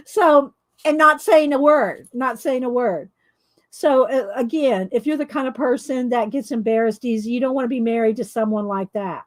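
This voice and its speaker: A woman's voice: high-pitched, expressive, moderate pace, fairly bright tone, dry recording. A middle-aged woman, telling rambling stories and laughing often while she colors on camera. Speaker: coloring video host. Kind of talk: casual storytelling while coloring.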